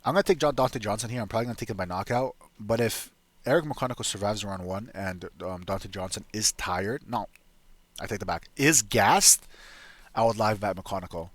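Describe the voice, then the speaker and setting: A low-voiced man talks through his fight picks in a loose, profane, rambling way, circling back to restart his thoughts. The sound is dry and close, with no room around it. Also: brisk, no room sound. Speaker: MMA betting analyst. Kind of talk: casual solo fight predictions.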